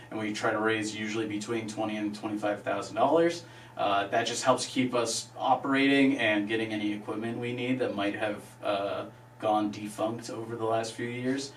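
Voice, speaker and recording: A man from a radio station explaining how it runs, hesitant and full of "uh" pauses. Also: fairly low pitch, fairly even intonation, distant mic. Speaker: radio station staff member. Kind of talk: explaining in an interview. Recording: echoey room, off-mic, faint hum.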